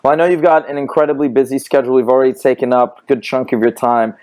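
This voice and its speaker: A man hosting a dating-advice podcast, energetic and emphatic as he drives his points home. His voice sits at an ordinary middle pitch for a man. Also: quick pace. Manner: energetic, emphatic with repeated interjections. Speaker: podcast host. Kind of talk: podcast interview. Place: Los Angeles studio.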